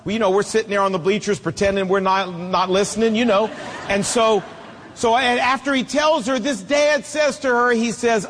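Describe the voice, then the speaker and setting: Guy in his 50s preaching, pretty high voice, hammers points with repetition, long echo around him. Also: moderate pace. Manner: emphatic, repeating phrases for rhythm. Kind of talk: sermon. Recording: long hall reverb.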